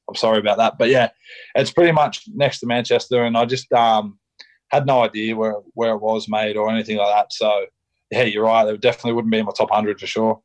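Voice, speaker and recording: A young Australian man talks in a low, fairly flat voice, speaking candidly as a podcast guest. He is casual and blunt, swears freely, and fills his sentences with ums and restarts. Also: low-quality recording. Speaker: rugby league player, podcast guest. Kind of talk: candid interview chat.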